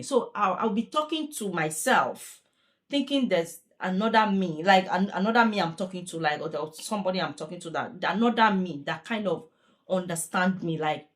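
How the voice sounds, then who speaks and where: Young woman, care worker, earnest and repetitive vlog chatter, slightly low pitch. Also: animated, moderate pace. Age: young adult. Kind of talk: casual vlog chat.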